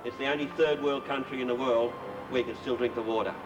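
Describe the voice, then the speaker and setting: A man's voice: mid-range voice, fairly even intonation, fast, far from the mic, over loud music, lightly acted, poor audio. A man playing a crude, blustering Aussie politician. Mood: boorish. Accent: broad Australian. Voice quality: blustering, rambling, laughs at own jokes. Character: boorish crude middle-aged male Australian politician. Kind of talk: comic character monologue.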